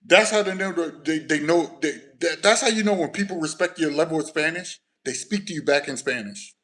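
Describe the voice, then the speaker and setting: A fairly high-pitched man from the United States, chatting casually as he hosts a livestream. He tells his stories with lively energy and drops into low, quiet asides between loud bursts. His talk is loose and conversational. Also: fairly quick, poor audio. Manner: animated storytelling, shifts often from low mumbles to loud bursts. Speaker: livestream host.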